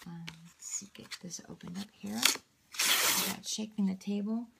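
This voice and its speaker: Gravelly-voiced woman gushing over craft mail. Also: mid-range voice, measured pace, heavy background noise. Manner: gushing, often dropping to a whisper. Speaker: craft channel host. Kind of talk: casual unboxing chat to viewers.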